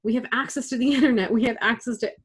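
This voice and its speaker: A woman's voice: on the high side, steady tone, rapid-fire, husky. Chatty woman podcast host from Canada. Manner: thoughtful, talks with many fillers and asides. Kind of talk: casual conversation. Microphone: remote call.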